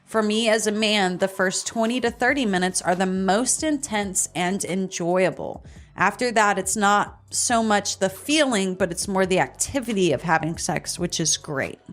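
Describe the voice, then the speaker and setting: A woman's voice: medium pitch, moderate pace. Chatty woman podcast host. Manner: chatty, laughs often, frank and crude. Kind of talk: casual chat, reading listener answers aloud.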